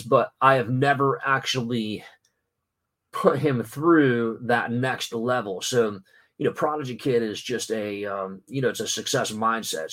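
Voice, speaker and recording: A father vlogs to camera in a loose, rambling way, full of "you know" and "um" and restarted sentences. His voice sits at an ordinary middle pitch for a man. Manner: rambling, many fillers and restarts. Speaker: father and vlogger. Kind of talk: casual talking-head vlog.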